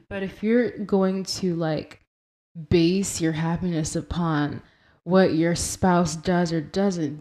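Low, mellow-voiced woman podcast host. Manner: earnest, conversational, quotes and explains scripture; laughs at her own pronunciation. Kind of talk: Christian devotional podcast talk.

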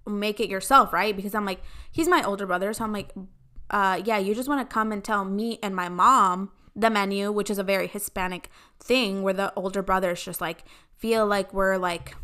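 A young woman hosting a casual solo podcast, telling a family story in an animated, dramatic way and acting out quoted dialogue. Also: medium pitch. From Mexican-American family. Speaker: podcast host.

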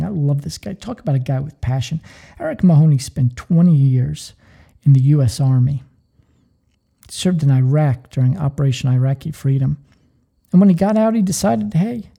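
A man hosting a podcast, telling stories with earnest energy. His voice is dark and mellow, with a gravelly fry at the edges. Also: fairly high pitch. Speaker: podcast host. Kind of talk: motivational podcast talk.

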